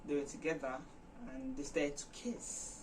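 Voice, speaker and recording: A woman's voice: sits low, moderate pace, slight background noise. Chatty woman retelling a film, slightly distant. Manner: chatty, animated, many fillers. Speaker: vlog host. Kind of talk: casual storytelling retelling a film.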